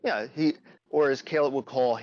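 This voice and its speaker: A man's voice: medium pitch, moderate pace. A man co-hosting a casual political chat, talking in a loose, rambling, profane way. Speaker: podcast co-host. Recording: dull, dry lo-fi mic.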